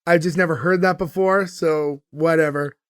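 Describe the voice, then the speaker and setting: A man's voice: fairly high pitch, fairly even intonation, normal speed, clear, resonant tone, no echo, clean studio sound. Chatty man recapping with fillers. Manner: retells scenes with quoted lines, many fillers. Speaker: podcast co-host recapping an episode. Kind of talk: casual chat.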